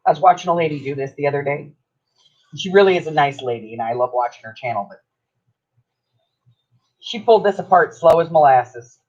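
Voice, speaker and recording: A woman's voice: low-pitched, lively intonation, fairly quick, pauses often, a little mellow. Chatty woman on a dull stream. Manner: chatty, laughs often, teasing. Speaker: crafting livestream host. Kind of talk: casual livestream chat while crafting.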